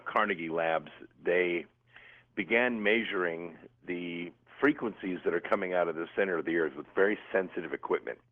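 A man calling in as a radio guest, explaining things with enthusiasm and the odd filler word. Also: deep voice. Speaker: guest on a phone line. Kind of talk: radio interview by phone. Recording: tinny phone line.

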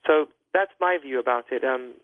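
A man's voice: mid-range voice, dry recording. Man explaining over a tinny phone line. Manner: measured, hedging, with many fillers. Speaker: guest doctor on a call-in radio show.

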